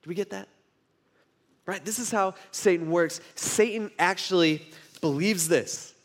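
A man's voice: sits high, measured pace. A man preaching a sermon in a conversational way, often repeating words and asking his listeners questions. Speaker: pastor.

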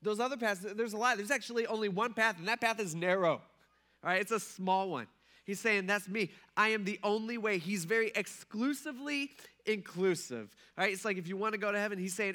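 A young man preaching a casual, conversational sermon as pastor, animated and laughing often as he acts out quoted dialogue. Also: high voice, a little fast.

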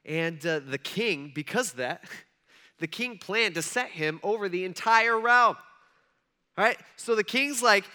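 Bright-voiced chatty young pastor. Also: male voice, high-pitched, normal speed. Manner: chatty, animated storytelling with many fillers. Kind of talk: casual sermon.

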